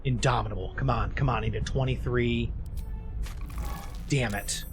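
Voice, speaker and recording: A man's voice: medium pitch, steady tone, moderate pace, over music. A young man streaming a video game, ranting and swearing in frustration as he comments on a battle. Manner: swears a lot, exasperated ranting. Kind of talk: frustrated live gameplay commentary.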